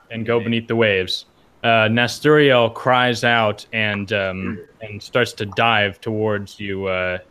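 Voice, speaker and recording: A man's voice: fairly low pitch, smooth. Man running a tabletop game. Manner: relaxed, full of fillers and restarts. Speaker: game master.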